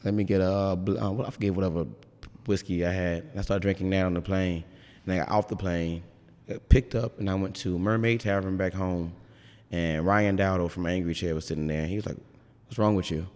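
A man's voice: deep voice, fairly even intonation, brisk, darkish tone, long reverb tail. A man brewer chatting casually in an interview, rambling and frank, swearing freely.

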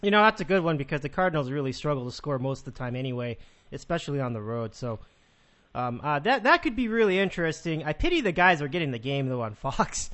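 A man's voice: fairly high pitch, very animated, quick pace, a bit bright. A man hosting a sports podcast, chatting casually and upbeat with callers, laughing easily.

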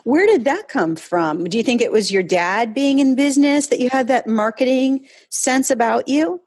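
A woman's voice: a little high, lively intonation, moderate pace, a little mellow, breathy edge. A woman interviewer asking curious, prompting questions.

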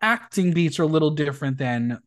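A man hosts a recap podcast with campy, gossipy asides. His voice sits a touch high and swings widely in pitch. He talks casually. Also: lively intonation, fairly quick. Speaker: podcast host recapping a reality show. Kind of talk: casual chat.

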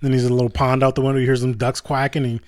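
A man's voice: medium pitch, little pitch movement, racing, no echo. Laid-back guy retelling ads with voices. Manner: laughs often, acts out scenes with put-on voices. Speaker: podcast co-host. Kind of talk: casual chat.

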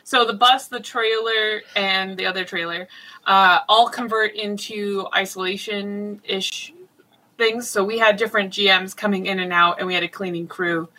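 Woman game master, chatty, voice going hoarse, bright timbre. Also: mid-range voice, fairly even intonation, a little hiss or hum, low-quality recording. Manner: chatty, with fillers and quick asides. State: losing her voice. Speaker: game master at a role-playing nonprofit. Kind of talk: casual interview chat.

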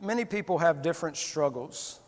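A preacher giving a candid, conversational sermon and acting out little quotes. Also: male voice, a little high, lively intonation, a little fast. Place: church sanctuary. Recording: long reverb of a church hall.

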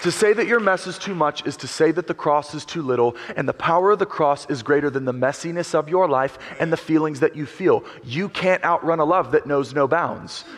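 A man's voice: fairly high pitch, a little fast, few pauses, big-room sound. A man preaching a sermon as a pastor, emphatic and joking as he tells a story, in a church.

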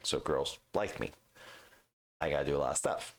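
Very deep-voiced profane man ranting. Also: moderate pace. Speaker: podcast co-host. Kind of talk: casual chat.

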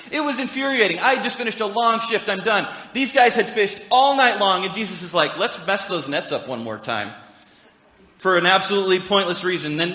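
A man's voice: high voice, bright, forceful tone. A man preaching a sermon in a conversational, storytelling way with humorous asides. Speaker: pastor. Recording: echoey hall reverb.

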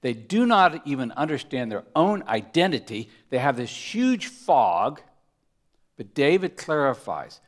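A man preaching a sermon, swinging between loud emphatic punches and hushed, near-whispered asides. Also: mid-range voice, very animated, a little slow. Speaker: pastor.

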